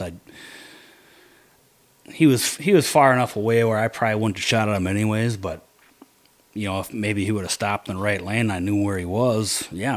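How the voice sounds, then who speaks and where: A man telling a hunting story in casual chat, animated, dropping to low mutters to quote his own thoughts.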